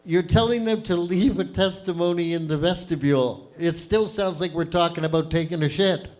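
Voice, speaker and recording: A high-pitched man from Canada emcees an open mic, ranting loudly and swearing freely. He sounds like he's in his fifties, working a live club crowd between comics. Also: moderate pace. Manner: profane, ranting, loud. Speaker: stand-up host. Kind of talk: stand-up comedy emcee set. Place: comedy club stage, audience present.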